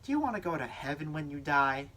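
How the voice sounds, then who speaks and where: A young man doing a low, half-whispered male commercial narrator in a whispered role-play. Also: sing-song, brisk, sharp tone, slight background noise, poor audio. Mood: ominous.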